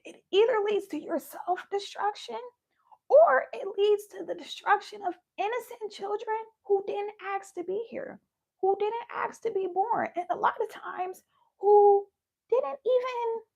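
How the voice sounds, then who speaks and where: A woman hosting a passionate live talk to her viewers, emphatic and laughing often, swinging from loud to hushed, and losing her voice. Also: very high voice, fairly even intonation, unhurried, creaky. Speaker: spiritual video host.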